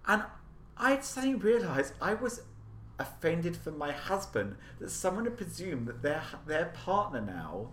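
A young man co-hosting a podcast, telling gossipy stories in casual chat, animated and swearing freely. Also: fairly high pitch, unhurried. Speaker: podcast co-host. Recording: echoey room with faint hiss.

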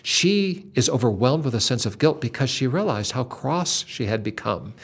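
A man's voice: medium pitch, big pitch swings, normal speed, husky. Older man, Christian talk host, earnest storyteller, dramatic. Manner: earnest, dramatic retelling with acted quotes.

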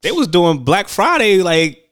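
A man's voice: high-pitched, sing-song, measured pace, fairly bright tone, clean tone, no echo, studio quality. A young man co-hosting a casual chat, talking in laid-back slang and acting out quotes.

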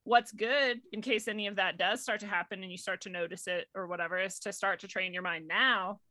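A woman talks in an earnest, casual way about faith and spirit, her words dotted with "like" and easy laughs. Her voice is bright and forward. The sound is close and dry, with no room around it. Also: medium pitch, fairly even intonation, fairly quick, no room sound. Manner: earnest, frequent "like", laughs easily.

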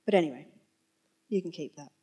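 A woman's voice: low-pitched, animated, fairly quick, dark tone, breathy edge. A woman preaching a conversational sermon, chatty and informal, with wry asides and the odd moment of losing her place. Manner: loses her place and corrects herself aloud.

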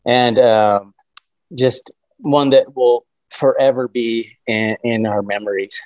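A man in his thirties telling a story as a podcast guest, eager and animated. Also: medium pitch, slow pace, no echo, low-quality recording. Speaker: guest hunter.

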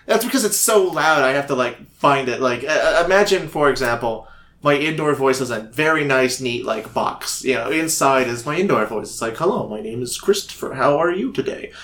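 A man's voice: medium pitch, expressive, moderate pace, a bit bright. A man co-hosting a podcast in casual chat, laughing often, swearing freely and telling stories with energy. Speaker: podcast co-host.

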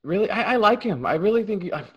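A man's voice: high voice, animated, fast talker, slightly rough, muffled recording. A man co-hosting a film review podcast, enthusiastic, stammering and repeating words. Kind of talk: casual film chat.

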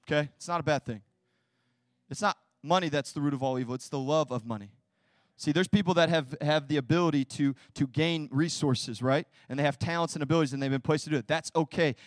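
High-voiced energetic young preacher, a man. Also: a little fast, dry recording, studio quality. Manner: energetic, swings from quiet to loud, casual slang. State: tearful. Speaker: pastor. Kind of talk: sermon.

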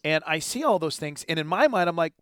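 A man's voice: fairly high pitch, lively intonation, quick pace, clear, resonant tone, no room sound, studio quality. A man co-hosting a sports talk show, chatting casually about a football game, often stammering and restarting his thoughts.

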